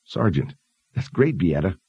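A man's voice: sits low, sing-song, unhurried, gravelly, mellow, husky, no room sound, dull audio, full character voice. A man voicing a cocky, swaggering young messenger who is boastful but wheedling. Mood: wary.

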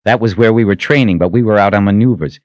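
A man's voice: fairly low pitch, fast talker, a little mellow, dry recording, pitched above the performer's own voice, lightly acted. A man acts out an earnest young army captain in a storybook reading. He speaks with raised, intense conviction, pushing every line forward. The sound is dry and a little muffled.

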